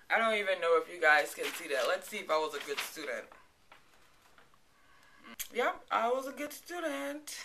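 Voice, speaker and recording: A woman's voice: medium pitch, pushed and bright, slight background noise. A woman in her thirties with a Virgin Islands accent, chatting playfully to camera and laughing often. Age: 30s. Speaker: vlogger. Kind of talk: casual chat to camera.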